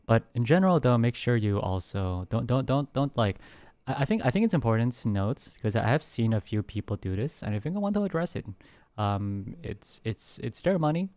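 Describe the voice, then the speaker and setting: A man's voice: medium pitch, sing-song, brisk, no echo. A man streaming casually to his viewers with a sore throat, rambling with many restarts. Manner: rambling, restarts, soft laughs.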